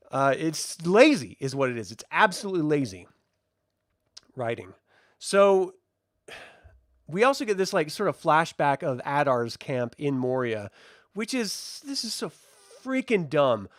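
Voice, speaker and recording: A man's voice: sits high, big pitch swings, measured pace, no echo, clean studio sound. A man giving a casual, sarcastic, profane review and ranting in exasperation. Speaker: video reviewer.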